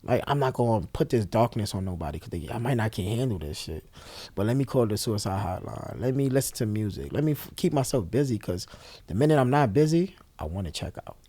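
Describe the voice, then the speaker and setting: A young man being interviewed relates a personal story in a straightforward, blunt way, swearing and quickly shifting voices to dramatize the dialogue. His voice is lowish, expressive and warm, and there's no echo.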